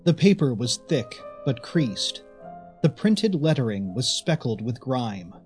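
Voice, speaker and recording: A man narrating a story in a measured, expressive way. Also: mid-range voice, soft background music. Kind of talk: audiobook narration.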